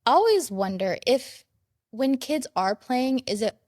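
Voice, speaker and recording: A woman's voice: a little high, very animated, measured pace, darkish tone, dry recording, clean studio sound. A woman hosting a podcast, reflecting casually and asking her guest questions. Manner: casual, reflective, many "yeah" and "mm" backchannels. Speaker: podcast host. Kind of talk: conversational interview.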